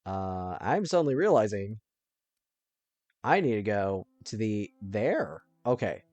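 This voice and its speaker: A man giving casual let's-play commentary, thinking aloud and now and then breaking into panicked yelling. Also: lowish voice, sing-song, slow pace, no room sound, lo-fi sound.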